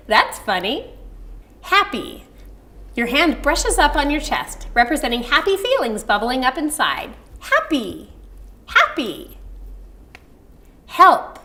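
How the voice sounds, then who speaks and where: A woman's voice: high-pitched, big pitch swings, a little slow, sharp tone. A middle-aged woman teaching baby sign language in a friendly online video lesson, acting out parent phrases with a sweet sing-song emphasis.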